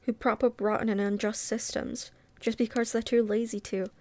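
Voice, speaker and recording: A woman's voice: fairly high pitch, flat delivery, normal speed, darkish tone, natural voice. Hermione, a woman reading as an earnest teen witch. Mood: indignant. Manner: earnest, fervent. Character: earnest bookish teenage witch girl, principled.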